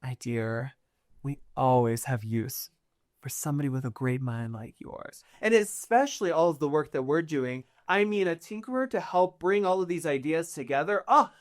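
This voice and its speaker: A man voicing a scheming, flattering noblewoman of the court in a tabletop game, flirty and gushing. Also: high-pitched, a little fast, few pauses, pitched above the performer's own voice.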